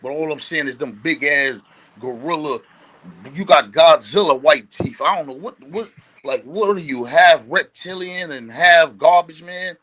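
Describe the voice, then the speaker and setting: A man, a guest on a livestream, loudly teasing and roasting another guest with streetwise banter. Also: a little high, unhurried. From Brooklyn. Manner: loud, teasing, says "B" often.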